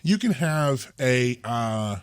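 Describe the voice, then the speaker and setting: A man's voice: medium pitch, sing-song, slow pace, clear, resonant tone, no room sound, clean studio sound. A man co-hosting a faith podcast, talking earnestly and casually, often repeating words as he restarts. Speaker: podcast co-host.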